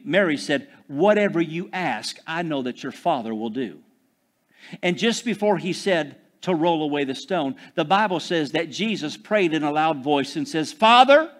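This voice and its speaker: A man preaching a sermon, swinging between loud proclamations and hushed, drawn-out phrases, calling out to the congregation for responses. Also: on the high side. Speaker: pastor.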